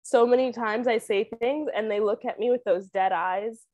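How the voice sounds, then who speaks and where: Woman, casual chat, fairly high voice, animated, laughs a lot. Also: moderate pace, highs cut off. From Canada. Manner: animated, laughs often, acts out quoted lines.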